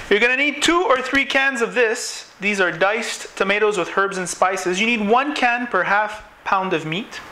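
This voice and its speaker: A man's voice: high voice, sharp tone, a little hiss or hum. Chatty man cooking. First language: French. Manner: chatty, rambling, full of fillers. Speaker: home cooking show host. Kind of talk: casual cooking demonstration.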